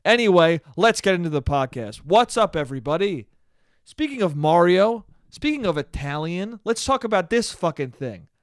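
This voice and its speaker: Young man, podcast host, profane animated rant, high voice, dry close sound. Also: moderate pace, no room sound. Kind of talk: solo comedic podcast rant.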